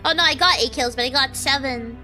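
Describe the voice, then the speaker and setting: Excitable, bright-voiced woman streamer. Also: high voice, a little fast, faint music behind. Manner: excitable, swears and yelps at the game. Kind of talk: casual gameplay streaming.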